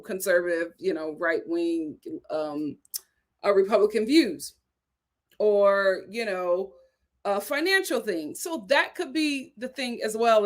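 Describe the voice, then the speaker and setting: A woman hosting a live stream, reading viewer comments aloud and reacting to them in casual, animated chat. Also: medium pitch.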